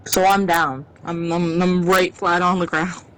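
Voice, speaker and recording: Slow-talking woman player, smooth voice. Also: lowish voice, level tone, rough recording. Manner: slow and hesitant, thinking aloud. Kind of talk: casual game play.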